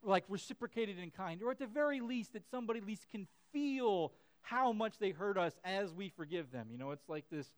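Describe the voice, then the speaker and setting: High, clear-voiced male pastor. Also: expressive, brisk. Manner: conversational, many fillers and restarts; acts out his kids' and his own voices in quotes. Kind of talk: sermon.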